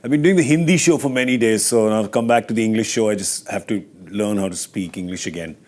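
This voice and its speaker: A man's voice: fairly low pitch, quick pace, a little mellow. A man hosting a cricket show in casual studio chat, playful and jokey with narrated asides.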